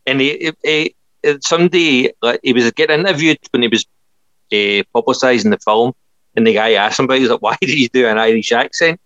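A podcast co-host reviews films in casual, rambling chat, laughing frequently. His medium-pitched voice is brisk and a bit bright, and the audio is dull with no echo.

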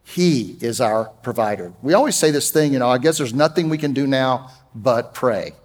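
A man's voice: mid-range voice, animated, normal speed. Preaching man in a reverberant church hall. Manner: emphatic preaching, rising loud on quoted scripture. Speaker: pastor. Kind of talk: sermon. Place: church sanctuary.

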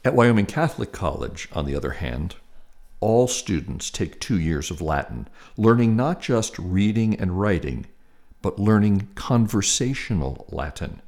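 A man in his sixties hosting a podcast, reading a scripted introduction and then interviewing a guest in a measured storytelling manner. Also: on the low side, big pitch swings, a little mellow. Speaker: podcast host.

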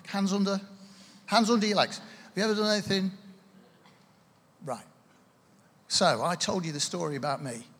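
A man's voice: fairly high pitch, a little hiss or hum. A man preaching a sermon, chatty and self-deprecating, with asides to the congregation. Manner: conversational, self-deprecating, lively with asides and laughs. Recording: echoey hall, distant reverb.

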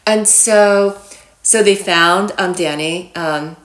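A middle-aged actress, a woman, chatting as an interview guest and telling animated stories full of fillers. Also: on the low side, slow. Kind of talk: casual interview chat. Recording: echoey room.

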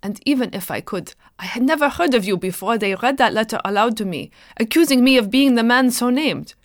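A man's voice: high voice, animated, normal speed, fairly bright tone, dry recording, studio quality. A woman voicing a frightened, illiterate young German prisoner who pleads and protests in a raised voice. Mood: alarmed.

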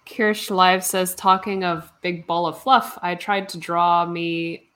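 A woman in casual chat while painting, relaxed and wry, reading out viewer comments. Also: fairly low pitch, slow pace. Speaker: co-host.

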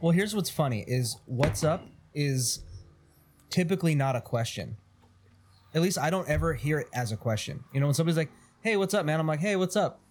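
Excited podcast host dude, swears a lot, super eager. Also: male voice, on the high side, a little fast. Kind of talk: casual podcast chat.

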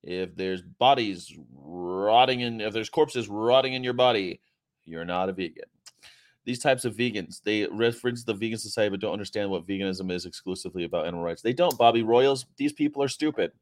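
Low-voiced sarcastic man livestreaming. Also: brisk. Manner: sarcastic, joking, rambling. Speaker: vegan activist livestream host. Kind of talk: casual livestream chat reading viewer comments. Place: hotel room.

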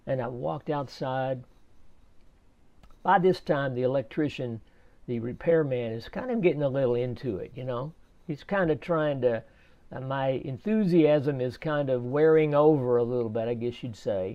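A man slowly telling a personal faith story in a casual, halting way, often repeating his words. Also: medium pitch, over a noisy crowd, very noisy. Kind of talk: casual spoken testimony.

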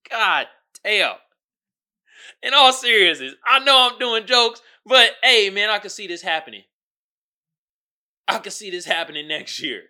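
A man hosting a casual comedic commentary show, speaking, animated with loud outbursts and laughing asides. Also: sits high, slow pace, pauses often. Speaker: podcast host.

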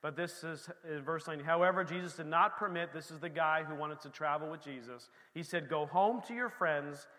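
High-voiced emphatic man preaching. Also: steady tone, brisk, few pauses, in a large hall. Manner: emphatic preaching, swings from loud to soft. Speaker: pastor. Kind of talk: sermon.

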